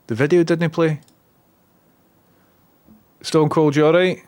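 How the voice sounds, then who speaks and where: A man's voice: on the high side, fairly even intonation, takes it slowly, a little mellow, no room sound. A man with a Glaswegian accent streaming casually, swearing and muttering as he fixes his tech. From Scotland. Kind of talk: casual live-stream chat.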